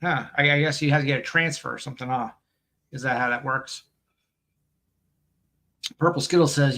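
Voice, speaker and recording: Man, live-stream host, casual rambling chat, gravelly voice, laughs a lot. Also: medium pitch, steady tone, brisk, pauses often, pushed and bright. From United States. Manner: rambling, jokey, laughs often, reads chat aloud.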